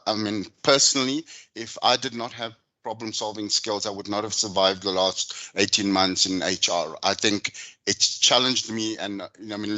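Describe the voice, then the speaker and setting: A man's voice: lowish voice, sharp tone. A man speaking as an HR leader on an online panel, earnest and emphatic. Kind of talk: panel discussion.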